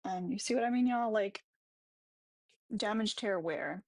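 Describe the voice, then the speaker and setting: A woman's voice: medium pitch, a little slow, pauses often, no room sound. A woman chatting casually on a livestream, talking about hair tools and commissions. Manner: casual, chatty, product talk.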